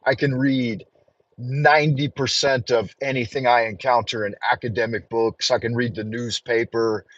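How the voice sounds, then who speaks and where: A man's voice: mid-range voice, level tone, moderate pace, fairly bright tone, dry recording. A man hosting a casual livestream from his car while driving, rambling, joking and swearing freely. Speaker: livestream host. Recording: dull, dry lo-fi sound.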